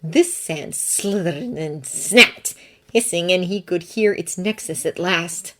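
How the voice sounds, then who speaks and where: A woman reading fan fiction aloud in steady, even audiobook narration. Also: on the low side, takes it slowly, noisy background. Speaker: fanfiction narrator.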